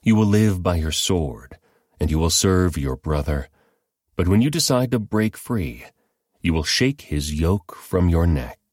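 A man reading the part of an old blind father giving a solemn blessing, measured and grave. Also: sits low, lively intonation, darkish tone, no room sound, clean studio sound.

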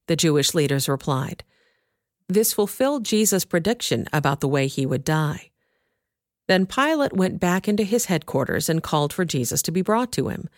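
A woman reading a scripture passage aloud in a steady, measured way. Her voice sits fairly low, and the recording is dry and close with no room sound. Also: dry recording. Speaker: scripture reader. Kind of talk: scripted narration.

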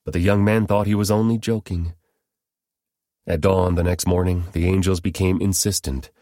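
A man reads scripture aloud in a steady, measured way. His voice is very deep. The recording is close and dry. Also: dry recording. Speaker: scripture reader. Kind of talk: scripture reading.

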